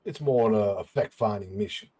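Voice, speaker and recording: A man's voice: on the low side, normal speed, warm tone, husky. A man playing a laid-back co-interviewer in a role-play, speaking in casual slang. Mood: reassuring. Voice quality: casual slangy speech, drawn out.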